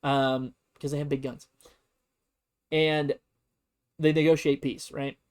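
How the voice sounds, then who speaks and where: A man's voice: a little high, level tone, takes it slowly, clear, resonant tone. A man casually teaching history on a stream, rambling and joking with lots of fillers. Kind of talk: casual comedic history lesson.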